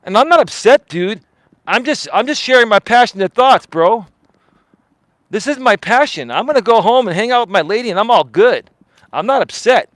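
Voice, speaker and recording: A man hosting a live stream, delivering a confrontational, profane rant with emphatic repetition and a loudly projected voice. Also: high voice, animated, normal speed, no room sound, poor audio.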